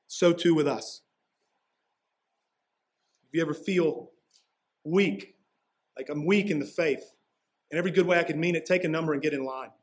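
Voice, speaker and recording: This pastor's sermon comes at a moderate pace broken by long pauses, his voice slightly high for a man. He explains things in a relaxed, conversational manner, slipping in offhand asides.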